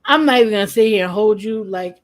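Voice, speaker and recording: A woman's voice: mid-range voice, fast talker. A woman streamer in casual chat, laughing often and swearing casually as she reacts with a co-host.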